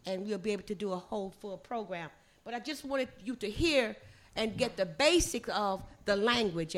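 An older woman from the Gullah coast with a Lowcountry Gullah accent, teaching her language to an audience and drawing out words for emphasis. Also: a bit bright. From Gullah coast of the southeastern US. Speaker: language and culture presenter.

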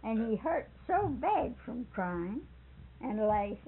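An older woman with a drawl spins a family anecdote, laughing and backtracking over names. Her voice is gravelly and a touch high. The recording is thin and phone-like with a faint hiss underneath. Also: very animated, slow. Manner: chuckling, rambling, repeats and corrects names. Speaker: storyteller interviewee. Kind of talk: folksy anecdote telling.

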